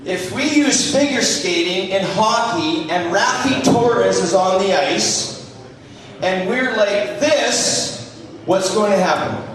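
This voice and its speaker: A man's voice: sits high, slow pace. Man lecturing in an echoey hall. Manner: animated, jokey, demonstrating moves. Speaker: hockey skating instructor. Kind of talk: lecture to a live audience. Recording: echoey hall, distant mic.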